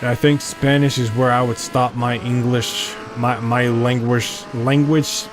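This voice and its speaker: A man's voice: mid-range voice, little pitch movement, measured pace, background noise. A man casually commenting while playing a video game, rambling and asking himself questions as he goes. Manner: rambling, self-questioning, chatty. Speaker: gameplay commentator. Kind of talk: casual let's play commentary.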